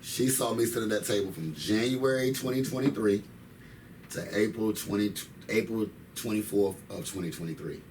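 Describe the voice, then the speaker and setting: A man's voice: on the low side, normal speed, a little mellow. A man in his thirties, an interview guest, telling his story in casual slang, repeating phrases for emphasis. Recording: distant mic with faint noise.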